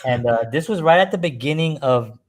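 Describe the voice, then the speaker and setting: A man's voice: fairly high pitch, fairly quick. A man, casually telling stories and chuckling as he talks. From New York. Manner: animated storyteller, chuckles while talking, puts on voices in quotes. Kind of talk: casual storytelling chat.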